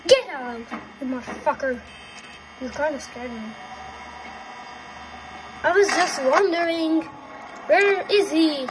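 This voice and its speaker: A woman's voice: sits high, lively intonation, takes it slowly, pauses often, background noise. A young woman playing a horror game and commenting, swearing a lot and sounding jumpy and frightened. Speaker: gamer.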